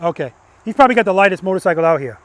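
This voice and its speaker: A man's voice: high voice, animated, rapid-fire, a bit bright. A man teaching motorcycle riding outdoors, emphatic and repetitive, chanting cue words in rhythm and tagging his points with "right?". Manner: peppers instructions with "right?". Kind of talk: hands-on coaching in a riding lesson. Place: outdoor practice lot with cones.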